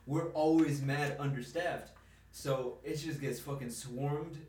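A man's voice: mid-range voice, takes it slowly, a little mellow, distant mic, slight background noise. A young man in casual chat, telling stories in rambling slang, swearing a lot. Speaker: storyteller in a chat. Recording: echoey room, away from mic.

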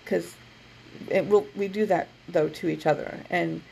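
Brief woman co-host, low and heavily gravelly voice, animated storyteller in relaxed chat. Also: a little slow, slight background noise, rough recording. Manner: animated, laughs mid-story, acts out quotes. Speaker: podcast co-host. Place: her office.

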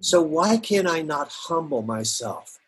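Very husky middle-aged man, earnest. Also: fairly high pitch, sing-song, measured pace. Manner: earnest, laughing, repeats himself. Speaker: guest pastor. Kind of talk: reflective faith conversation.

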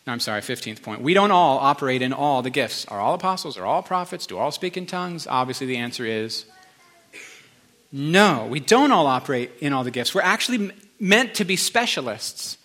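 A man's voice: medium pitch, lively intonation, fairly quick, fairly bright tone. A man preaching a sermon to a congregation in an earnest, emotional, conversational way. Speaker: pastor.

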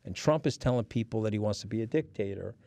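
A middle-aged New Yorker appears as a guest on a casual chat show, his fairly low voice fast, creaky, and dark, with no room sound. He tells stories bluntly and swears freely.

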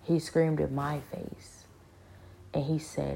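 A woman speaks in a low, flat, gravelly voice with a dark, mellow tone. She tells a personal spiritual story earnestly, stopping and restarting her sentences and leaning on fillers as she thinks aloud. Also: unhurried. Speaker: speaker sharing a spiritual experience. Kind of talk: personal testimony, casual monologue.

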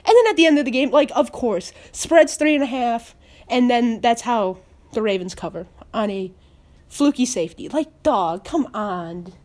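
A woman's voice: fairly high pitch, normal speed, a little mellow. A woman giving an angry, swearing post-game rant as a sports fan, repeating words in exasperation. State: upset.

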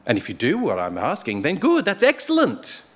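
A man's voice: a little high, wildly swooping pitch, normal speed, fairly bright tone, voice pushed up, heavily acted. A man preacher voicing a smarmy, arrogant ancient king who coaxes and pushes during a sermon story. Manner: coaxing, pushy questioning.

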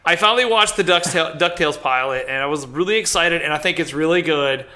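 A man hosting a loose podcast chat, his voice bright and somewhat high. He rambles along, leaning on "like" and dropping casual swears as he runs the bracket. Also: fast talker. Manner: rambling, heavy with "like" fillers and swearing. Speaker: podcast host running a bracket.

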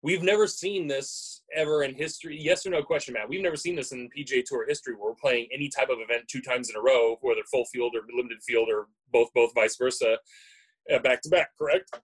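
A man's voice: mid-range voice, fast talker, slightly rough, low-quality recording. A man co-hosting a podcast in casual chat, playful and teasing, often stammering over restarts. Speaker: podcast co-host.

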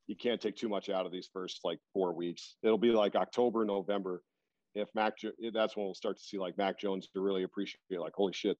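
A man's voice: on the low side, darkish tone, no room sound. A man chatting casually about sports on a podcast, rambling with lots of fillers and restarts. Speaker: podcast guest. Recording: dull, dry lo-fi recording.

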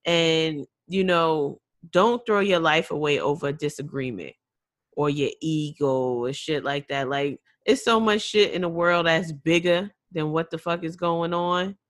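A woman's voice: low-pitched, measured pace, dry recording. A woman co-hosts a casual podcast, giving earnest advice in a frank way, with casual swearing. Her voice sits mid-range and sounds dry and close, with no room around it. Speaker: podcast co-host.

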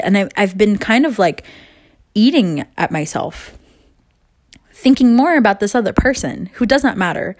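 A woman's voice: mid-range voice, lively intonation, normal speed. Candid woman rambling about her breakup. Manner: candid, rambling, swears freely. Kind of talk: casual personal vlog monologue. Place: moving between rooms at home.

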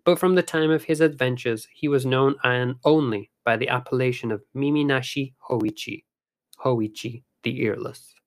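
A man narrating a ghost story aloud in a measured, dramatic storytelling manner. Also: medium pitch.

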